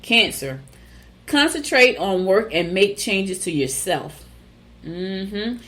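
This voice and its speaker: A woman's voice: mid-range voice, expressive, slow, a bit bright. A woman hosting a morning show, telling stories in a chatty, casual way with asides to her listeners and reading horoscopes.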